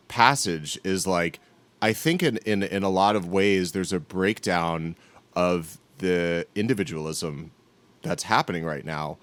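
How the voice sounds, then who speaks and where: A man co-hosting a podcast, talking earnestly with halting restarts in casual chat. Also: sits low, no room sound. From northern United States. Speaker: podcast co-host.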